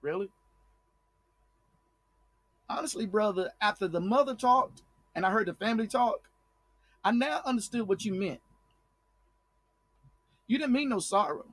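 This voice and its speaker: A man with a high-pitched voice delivers blunt, fiery commentary straight to his viewers. He repeats words and restarts sentences as he pushes each point hard. The tone stays heated and direct throughout. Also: animated, a little slow, long pauses, a bit bright, no echo. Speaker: online commentator.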